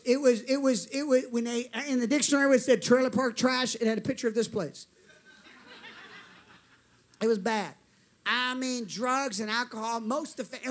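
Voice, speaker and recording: A male preacher, telling a story in a sermon with animated delivery and calls for amens. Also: extremely high pitch.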